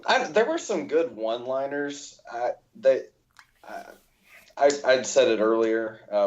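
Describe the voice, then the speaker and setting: A man's voice: mid-range voice, expressive, a little slow, a little hiss or hum. A man guesting on a podcast, chatting casually, laughing easily and restarting sentences. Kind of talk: casual roundtable chat. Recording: dull lo-fi podcast audio.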